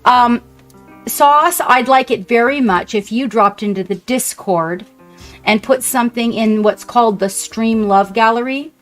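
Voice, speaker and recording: A woman streamer chatting casually and warmly with her viewers, gushing and rambling as she paints. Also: a little high, unhurried, soft background music. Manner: chatty, effusive, talks to chat. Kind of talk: casual live-stream chat.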